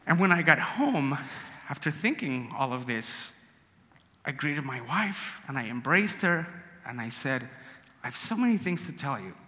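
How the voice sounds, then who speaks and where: A man from Guatemala telling a personal story to an audience, emotional and animated, acting out the dialogue. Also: medium pitch. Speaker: storyteller guest. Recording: long hall reverb.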